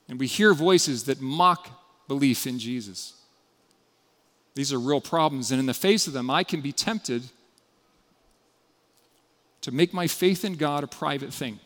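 A man's voice: mid-range voice, unhurried, pauses often. Man preaching in a reverberant hall. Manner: storytelling, dramatic shifts between loud and hushed. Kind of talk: sermon.

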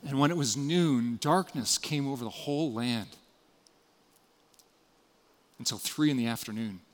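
A man giving a sermon, retelling a story with dramatic shifts between loud emphasis and hushed passages. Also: medium pitch, brisk, big-room sound. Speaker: preacher.

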